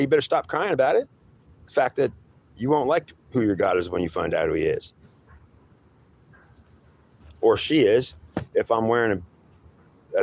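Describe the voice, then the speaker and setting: With a mid-range, slightly mellow voice, a man plays a threatening male devil claiming to be god. The devil taunts the listener, calls him boy, and makes threats in an improvised monologue performed with two voices.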